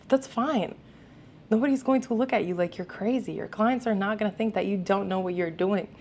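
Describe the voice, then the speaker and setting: A woman's voice: mid-range voice, slight background noise. A young woman photographer giving casual vlog advice, emphatic and repeating her points, sometimes swearing offhand.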